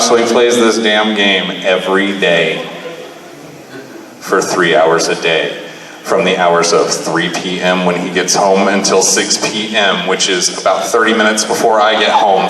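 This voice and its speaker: Stand-up comic, man in his thirties, profane and animated, heard in a very echoey room from a distance. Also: lowish voice. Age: 30s. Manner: profane, animated, acts out dialogue. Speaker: stand-up comedian. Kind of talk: stand-up comedy storytelling. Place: live comedy venue. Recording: echoey room, mic far off.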